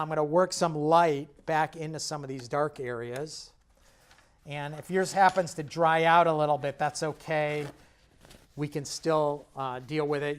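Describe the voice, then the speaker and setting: A man's voice: fairly high pitch, smooth. A man giving a step-by-step painting lesson, admiring and encouraging as he works. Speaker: painting instructor.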